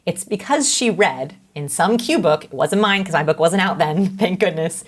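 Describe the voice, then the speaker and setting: A middle-aged woman speaking as an interview guest, explaining body language in an animated, conversational way. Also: lowish voice, normal speed. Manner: animated, acts out quoted voices.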